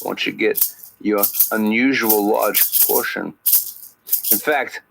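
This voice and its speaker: A man's voice: lowish voice, fairly even intonation, slow, vocal fry, music in the background, rough recording. A man hosting a satirical podcast, rambling through his questions with many restarts. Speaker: podcast host.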